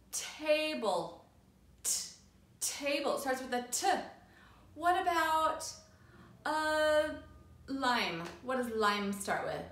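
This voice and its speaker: A woman teaching a phonics lesson to young children, slow and sing-song, drawing out letter sounds and cheering them on. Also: sits high, fairly bright tone, echoey room. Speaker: preschool teacher.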